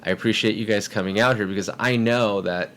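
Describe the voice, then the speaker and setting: Speaking a little fast in a lowish voice, this male podcast guest shares a story during a relaxed chat. There's a little hiss or hum, and he's animated, acting out what people in the story said.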